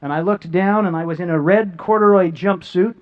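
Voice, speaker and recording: A middle-aged man, appearing as a guest speaker, earnestly shares a personal story in a high, brisk voice, often repeating words along the way. The audio is dull and lo-fi.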